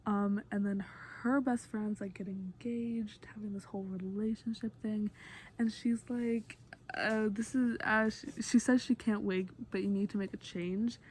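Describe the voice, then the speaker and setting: A woman's voice: medium pitch, steady tone, unhurried, darkish tone, a little hiss or hum. A woman vlogger talking casually through a song breakdown, chatty and gushing like an eager fan, with many fillers. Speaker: music vlogger.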